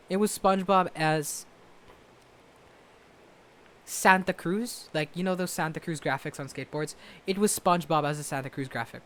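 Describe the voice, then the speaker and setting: A young man vlogging casually from his bedroom to a laptop camera, rambling loudly and poking fun at himself. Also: high-pitched. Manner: rambling, self-mocking, loud. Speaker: vlogger and musician. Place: bedroom at home. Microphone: webcam or laptop camera.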